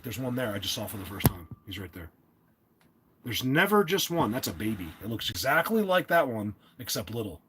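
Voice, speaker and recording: Emphatic New Jersey man, husky. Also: on the high side. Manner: emphatic, yells, stammering restarts. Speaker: live-stream host. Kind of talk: excited live-stream talk. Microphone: phone at a desk.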